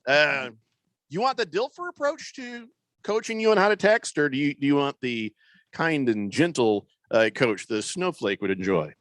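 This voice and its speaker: A middle-aged man hosts a sports radio show from the studio, reading listener texts aloud and riffing on them. His voice sits a bit high and swings around a lot. The studio mic gives a close, dry sound. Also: sing-song, normal speed, fairly bright tone, no room sound. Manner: chatty, wry, lots of fillers. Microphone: studio microphone.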